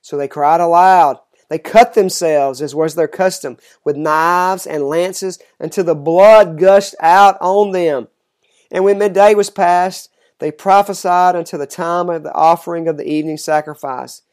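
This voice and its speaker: Measured, steady scripture reader. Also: mid-range voice. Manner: measured and steady, slowing on solemn lines. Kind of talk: scripture reading aloud.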